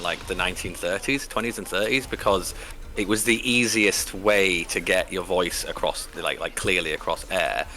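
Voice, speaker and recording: A man chatting as a guest on a live stream, rambling and animated with many restarts. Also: low voice. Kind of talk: casual live-stream chat.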